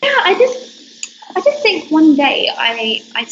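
A woman's voice: high-pitched, sing-song, a little slow. Lady english teacher, chatty and giggly, dull lo-fi line with noise behind. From United Kingdom. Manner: giggly, chatty, lots of hedges like "sort of". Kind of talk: casual interview chat.

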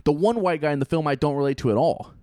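A man's voice: on the high side, fast talker, warm tone, no room sound, studio quality. A young man co-hosting a casual podcast, rambling with many restarts and the odd swear word. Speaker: podcast co-host.

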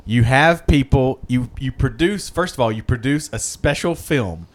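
A man riffing in casual comedic banter with friends, animated and joking. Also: mid-range voice, normal speed. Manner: animated, joking, loud bursts of laughter.

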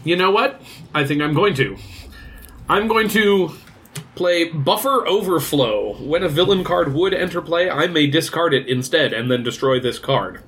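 Animated man narrating a card game. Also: on the high side, moderate pace. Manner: animated, laughs often, narrates cinematically. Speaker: game master.

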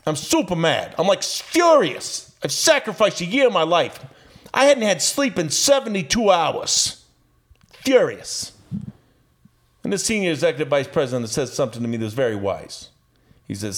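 A man as a podcast guest, telling a story in an animated, profane way and laughing as he goes. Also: a little high, normal speed. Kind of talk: casual storytelling.

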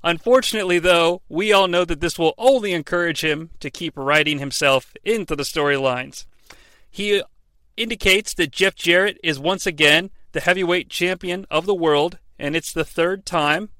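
A man with a high, bright voice tells the story with heavy sarcasm and the odd swear word. His sound is dry and close, with no room around it. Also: normal speed, smooth, no room sound. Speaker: podcast host recapping wrestling. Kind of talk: comedic recap with quoted impressions.

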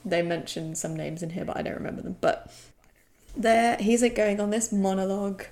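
A young woman co-hosts a relaxed TV recap, blunt and animated as she retells scenes. Her voice has a gravelly, fry-heavy edge at a middle pitch. She laughs and swears freely as she talks. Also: moderate pace, a little hiss or hum. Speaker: podcast co-host. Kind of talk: casual recap chat.

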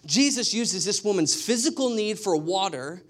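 A man preaching a sermon, telling stories with animated, emphatic repetition. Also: high voice, moderate pace. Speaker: pastor.

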